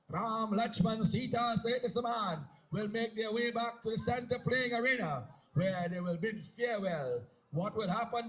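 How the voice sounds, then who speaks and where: High bright-voiced male commentator. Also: poor audio. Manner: storytelling, lively, mixes narration with acted speech. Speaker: live commentator and narrator. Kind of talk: live folk-drama commentary.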